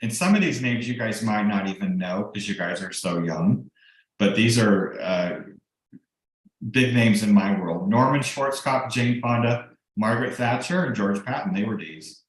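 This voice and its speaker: Speaking unhurriedly in a lowish voice, a middle-aged broker and coach gives his real estate team an explanatory training by video call. He often says "um" and restarts his sentences, and his room echoes heavily.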